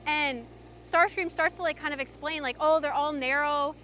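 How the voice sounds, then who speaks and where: High bright chatty young woman. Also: moderate pace, slight background noise. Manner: chatty, animated, frequent "like" fillers. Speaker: livestreamer. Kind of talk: casual storytelling to chat.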